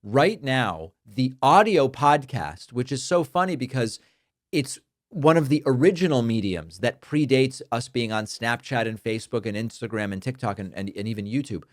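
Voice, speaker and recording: A man's voice: mid-range voice, animated, moderate pace, no room sound, studio quality. A man hosting a political talk podcast, speaking in a conversational way, thinking aloud with fillers and restarts as he reads out listener mail. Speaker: podcast host.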